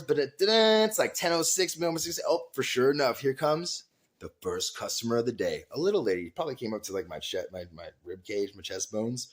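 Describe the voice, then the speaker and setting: A man's voice: expressive, fairly quick. Profane, rambling man telling a story. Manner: emphatic and profane, with big swings in pitch and loudness. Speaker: vlog host.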